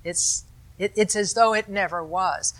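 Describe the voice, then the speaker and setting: A woman meditation teacher giving a dharma talk, explaining in a calm, conversational way with asides to her listeners. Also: mid-range voice, a little slow.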